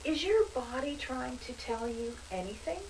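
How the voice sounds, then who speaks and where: A woman leads a breathing and meditation session in a slow, soothing voice, dropping in easygoing asides. Her voice sits a little high and stays unhurried throughout. She sounds a bit distant from the mic, with a faint noise floor behind her. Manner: slow, calm, soothing delivery with casual asides. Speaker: meditation instructor. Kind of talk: guided meditation instruction.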